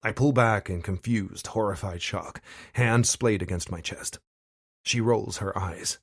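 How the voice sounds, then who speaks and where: A man reads a first-person thriller audiobook with a measured, wry delivery. His voice sits on the low side, and he keeps the narration steady and controlled. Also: no room sound, clean studio sound.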